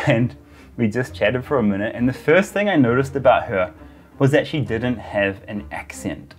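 A man's voice: medium pitch, expressive, normal speed, faint music behind. Chatty New man telling a story. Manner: chatty, uses filler words. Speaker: travel vlogger. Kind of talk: casual storytelling to camera.

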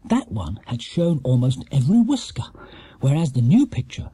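A man narrating a children's storybook in a lively, expressive way. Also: medium pitch, normal speed, husky, no echo. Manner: lively character-rich storytelling. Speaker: audiobook narrator.

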